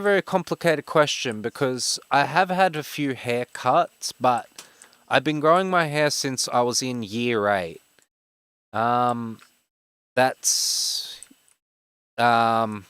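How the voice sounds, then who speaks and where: Fast-talking Western Sydney streamer. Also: male voice, mid-range voice, fairly bright tone, clear, resonant tone, no echo. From Australia. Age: 20s. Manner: fast-talking, rambling with fillers. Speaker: game streamer. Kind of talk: casual live-stream chat.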